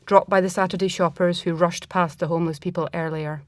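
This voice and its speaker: A woman reading a first-person story aloud in a reflective, measured manner. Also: fairly low pitch, steady tone, no room sound.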